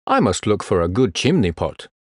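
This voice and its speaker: A man's voice: on the low side, sing-song, normal speed, no room sound, clean studio sound. A man voicing a fussy, restless little male swallow in a storybook reading, with a chatty, exclaiming manner. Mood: surprised.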